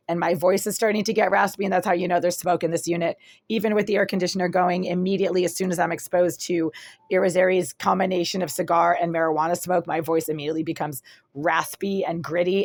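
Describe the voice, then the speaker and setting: A woman's voice: fairly low pitch, steady tone, fast talker, darkish tone, no room sound. A woman filming a vlog in her small apartment on a phone, talking in an insistent, repetitive way and piling up descriptions as she goes. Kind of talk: agitated first-person complaint vlog.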